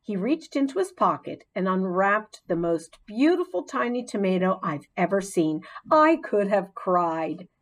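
A woman narrates a children's storybook, slow and unhurried, with a lively, rising and falling melody. Her reading is expressive and gently dramatic. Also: mid-range voice, rough recording. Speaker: audiobook narrator.

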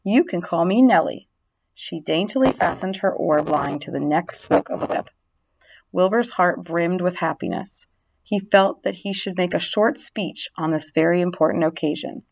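A woman narrating a storybook reading aloud, gentle and expressive. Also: fairly low pitch, normal speed, vocal fry.

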